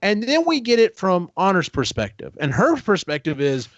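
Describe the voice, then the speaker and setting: A man with a high voice and wildly swooping pitch rambles through a casual book recap as a podcast host. He briefly acts out characters' quotes, and the audio is dry, dull, lo-fi podcast sound.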